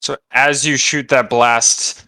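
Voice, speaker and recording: Calm man running an online tabletop game. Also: medium pitch, slow pace, no room sound. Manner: calm, guiding players through rules. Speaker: dungeon master.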